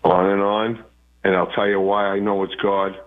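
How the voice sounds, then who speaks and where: A man's voice: lowish voice, level tone, normal speed. A man calling in to a radio talk show, telling his stories in a rambling way. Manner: rambling storyteller. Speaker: caller. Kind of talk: phone-in call. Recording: tinny phone line.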